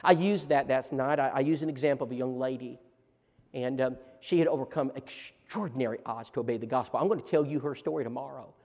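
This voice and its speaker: A man preacher telling lively stories at a church seminar, stumbling over restarts as he talks. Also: medium pitch, quick pace. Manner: animated storytelling with many restarts. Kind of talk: storytelling seminar talk. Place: church auditorium. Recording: long church hall reverb.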